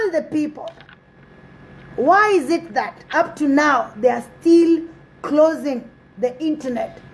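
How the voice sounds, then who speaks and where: A woman's voice: high voice, darkish tone, poor audio. A woman giving earnest, repetitive commentary that urges her listeners. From South Sudan. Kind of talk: impassioned commentary.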